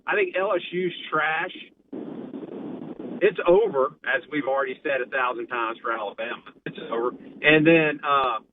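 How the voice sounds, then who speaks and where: A man phoning in to a radio show, talking casually through his picks. His voice is a bit high. It comes over a thin, tinny phone line with clear noise behind it. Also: normal speed. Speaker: caller. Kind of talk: phone-in call.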